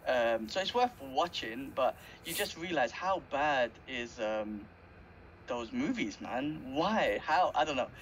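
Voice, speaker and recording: This podcast co-host speaks slowly at medium pitch with lively intonation, chatting animatedly about cartoons and laughing frequently. It's a casual conversation, recorded with slightly muffled sound and faint background noise.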